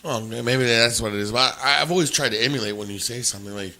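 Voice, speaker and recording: A man co-hosting a casual podcast, brash, laughing loudly and swearing freely as he chats. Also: medium pitch, fast talker. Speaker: podcast co-host. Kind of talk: casual profane chat.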